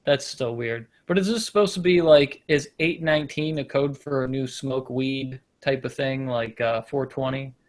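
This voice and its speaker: A man of middle pitch hosts a loose comedy show, joking his way through rambling stories. He wanders off his point and laughs at himself, keeping the banter casual. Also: moderate pace, few pauses. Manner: rambling, self-deprecating, loses his point. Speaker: podcast host.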